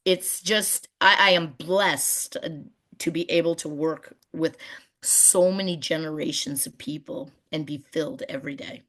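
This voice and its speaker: A middle-aged woman presenting on a video call webinar about community gardens, telling stories and lively when she quotes people. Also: sits low, a little slow. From Canada. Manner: warm storyteller, animated when quoting people.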